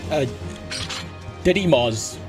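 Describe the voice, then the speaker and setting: A man's voice: fairly high pitch, animated, takes it slowly, over music. A man streaming a game, ranting bluntly and swearing freely in casual chat. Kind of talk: casual livestream gameplay chat.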